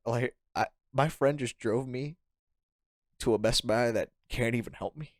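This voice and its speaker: A young man, a podcast guest, tells a rambling story in casual chat, speaking unhurriedly at medium pitch and pausing often. He's animated, laughs frequently, and acts out what people said. The recording is studio quality with no echo.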